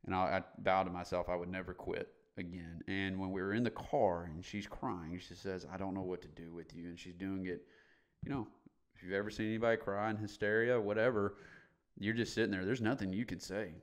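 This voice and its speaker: A man's voice: low-pitched, steady tone, fairly quick. A middle-aged man as a podcast guest, candidly telling his story in a blunt, emphatic way and swearing casually.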